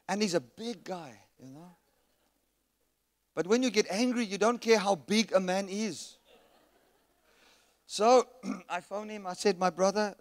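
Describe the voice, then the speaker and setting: Male guest preacher, high voice, story-driven delivery, live hall reverb. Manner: storytelling, rising to shouts when reenacting anger. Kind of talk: sermon with anecdote. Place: resort hall at a church camp. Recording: long reverb of a large hall.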